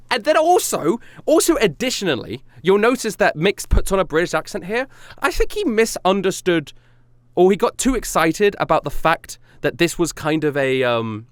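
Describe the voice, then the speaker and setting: A man talking casually on a stream, rambling through his own songs and judging them with self-critical honesty. His voice swings widely in pitch as he gets animated. The sound is close and dry with no room around it. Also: normal speed, no echo.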